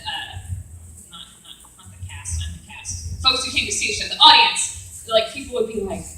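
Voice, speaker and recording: Bubbly woman, thirties, lively panel guest, fairly high voice, off-mic in a reverberant hall. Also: normal speed. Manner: chatty and bubbly, laughs often. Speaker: voice actress and director on a convention panel. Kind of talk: casual convention panel Q&A. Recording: echoey hall, voice from a distance.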